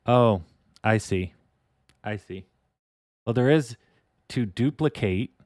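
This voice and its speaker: A man's voice: fairly low pitch, slow, darkish tone, clean tone, no echo, clean studio sound. A man hosting a casual stock trading livestream, rambling, chuckling and swearing offhand.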